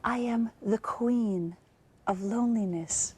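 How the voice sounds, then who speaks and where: A young actress performing a theatrical monologue as a woman recounting her abusive relationship, halting and wistful. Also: on the high side, darkish tone, husky. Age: young adult. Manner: halting, wistful, with nervous laughs and sighs.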